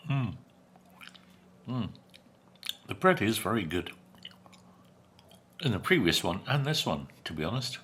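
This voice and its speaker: A food vlogger with a fairly low, husky, slightly bright voice and big pitch swings reviews takeout while eating. He's unhurried and chatty with dry humor. Between remarks he chews and hums.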